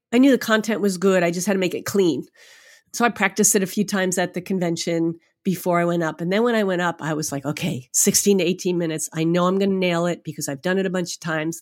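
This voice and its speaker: A woman guest on a podcast interview, telling a story in an animated, emotional way and laughing often. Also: on the low side. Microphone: remote podcast microphone.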